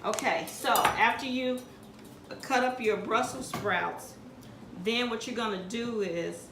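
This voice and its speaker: A woman's voice: a little high, takes it slowly. A woman talking through a recipe step by step in a casual cooking tutorial, filmed in a home kitchen. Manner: homey step-by-step instructions. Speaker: home cook demonstrating a recipe. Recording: echoey kitchen from a distant mic with background noise.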